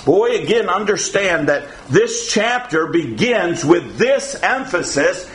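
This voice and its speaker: A man's voice: high voice, big pitch swings, slow pace. A man preaching a sermon as pastor, folksy and digressive, full of asides, who keeps repeating "again" and "uh". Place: church sanctuary. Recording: echoey church hall, faint room noise.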